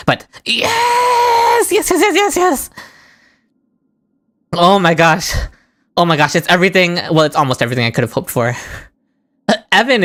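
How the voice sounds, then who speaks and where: A woman's voice: low-pitched, a bit bright. A woman streaming a game live, chatting with viewers and shrieking with delight at lucky rolls. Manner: chats with viewers in chat. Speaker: gaming streamer. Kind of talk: live-stream gaming commentary. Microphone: desk microphone.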